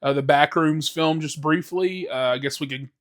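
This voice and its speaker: Rambling young man with a raised pitch. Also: normal speed. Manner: rambling, filler-heavy, swears freely, self-interrupting. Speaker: podcast host. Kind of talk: casual solo podcast talk.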